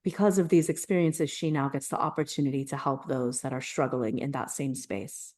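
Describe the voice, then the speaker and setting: A woman with a low-pitched voice talks on a podcast in a relaxed, personal way. She is animated and earnest, and she laughs often as she tells her stories. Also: fairly quick. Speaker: podcast co-host. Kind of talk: casual conversational podcast chat.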